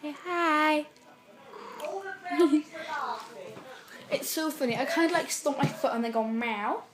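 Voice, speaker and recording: A woman's voice: sits high, measured pace, a crowd in the background. A woman chatting casually in a home video, giggly and cooing at her cat. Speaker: vlogger. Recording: music playing in the background.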